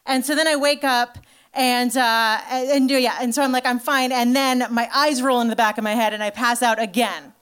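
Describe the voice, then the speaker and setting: A woman telling a story in a stand-up comedy set, chatty and animated, full of "like" and swearing. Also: fairly high pitch, normal speed, smooth. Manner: animated storytelling to a live audience.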